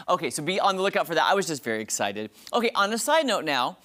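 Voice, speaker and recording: A man hosting an entertainment review segment on a morning TV show, talking in a gushing, dramatic, excited way. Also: fairly high pitch, fast talker.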